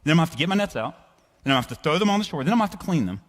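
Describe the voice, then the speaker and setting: A man's voice: a little high, big pitch swings, racing. A man voicing an anxious male fisherman who makes excuses, whiny and exaggerated. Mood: complaining. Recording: reverberant church hall.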